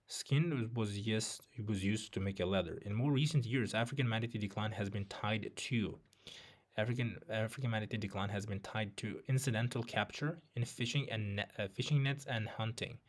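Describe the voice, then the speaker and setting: A man's voice: on the low side, moderate pace. A man working through an exam reading passage, thinking aloud with many fillers and restarts. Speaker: IELTS tutor. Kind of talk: walkthrough of a reading test.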